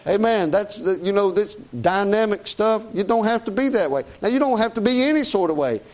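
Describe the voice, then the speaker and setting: High-voiced folksy male preacher. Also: lively intonation, brisk. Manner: folksy conversational preaching, frequent "Amen?". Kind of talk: sermon.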